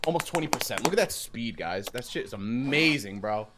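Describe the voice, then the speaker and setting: A man's voice: mid-range voice, lively intonation, a little fast. Joking young man yelping over gameplay. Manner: loud, joking, swings from whispers to yelps. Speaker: gaming YouTuber. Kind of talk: let's play commentary. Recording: noisy background, mouse clicks.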